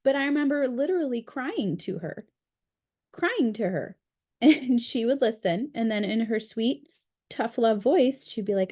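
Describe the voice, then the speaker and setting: A woman's voice: a little high, expressive, measured pace, darkish tone. A woman leading a book study group over a video call, talking in a chatty, candid way with frequent fillers. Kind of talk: casual group discussion.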